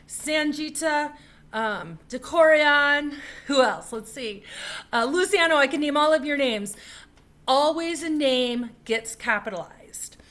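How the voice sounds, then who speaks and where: Slow, high-voiced woman teacher. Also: fairly bright tone, slight background noise. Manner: slow, patient, repeats key points for children. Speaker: first grade teacher. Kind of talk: remote writing lesson for young children.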